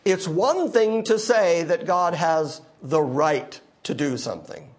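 A male pastor preaching a sermon, emphatic, moving between quiet asides and loud declarations. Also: a little high, lively intonation, slow pace.

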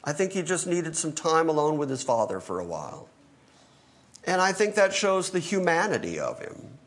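A man's voice: on the high side, very animated, normal speed, a bit bright, slight background noise. Man preaching an expository sermon. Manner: teaching, emphatic, acts out quoted speech. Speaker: pastor.

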